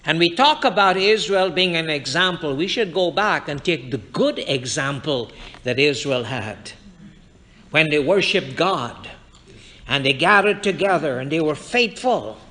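Fervent high-voiced male preacher. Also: lively intonation, unhurried, pushed and bright. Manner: fervent preaching, quoting scripture and addressing the congregation directly. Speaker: pastor. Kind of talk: sermon. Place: church sanctuary.

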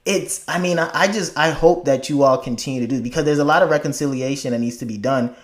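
A man from Africa talking casually in a conversation, emphatic and animated, laughing often and restarting his sentences. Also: on the high side, fast talker.

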